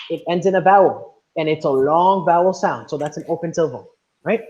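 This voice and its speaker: A man's voice: on the high side, a little fast, a little mellow, a little hiss or hum, rough recording. A man teaching an online class, patient, often checking understanding with "right?". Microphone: video call.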